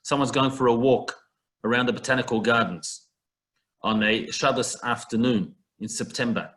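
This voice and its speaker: Over a video call, a man with a medium-pitched, slightly bright voice teaches a Talmud passage in an online class at a normal pace. He talks it through conversationally, using everyday comparisons.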